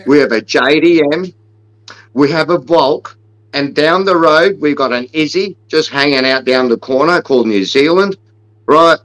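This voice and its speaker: A man's voice: a little high, moderate pace, a bit bright, low-quality recording. A man, co-hosting a casual podcast and joking through brash, swearing rants. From Australia. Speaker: podcast co-host.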